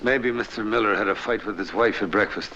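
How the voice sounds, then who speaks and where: An actor with an Irish accent playing a hapless young ventriloquist who can't find work. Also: male voice, lowish voice, brisk, lightly acted. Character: hapless young male ventriloquist down on his luck. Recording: dull old TV audio with music. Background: music.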